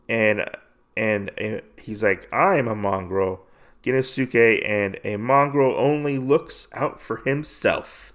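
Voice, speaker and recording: A man's voice: on the low side, slow pace, fairly bright tone. A podcast host recapping a comic story in a casual, rambling way, full of fillers, loosely voicing the characters as he goes. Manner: rambling, filler-heavy retelling.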